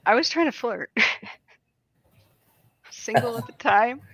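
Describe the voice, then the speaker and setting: A woman guest telling a story in casual chat, animated and laughing often as she talks. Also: a little high, drawn-out words, gravelly, breathy edge, no room sound.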